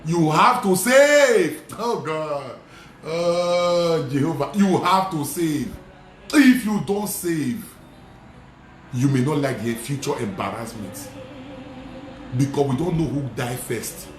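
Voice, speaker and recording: A man who is a Nigerian Catholic priest, preaching emphatically and repeating lines, slipping into pidgin and shouting at the peaks. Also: fairly high pitch, animated, slow, long pauses, echoey room. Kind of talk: preaching sermon. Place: studio.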